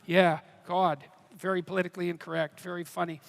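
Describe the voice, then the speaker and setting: A man answering questions on stage at a live event, earnest and halting, with many restarts. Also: sits high, level tone, gravelly. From Canada. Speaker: guest speaker. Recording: reverberant hall.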